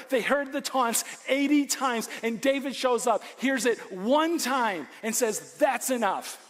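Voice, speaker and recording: A man preaching a sermon as pastor, animated, swinging between loud emphasis and hushed lines, with joking asides. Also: high-pitched. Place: church. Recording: long hall reverb.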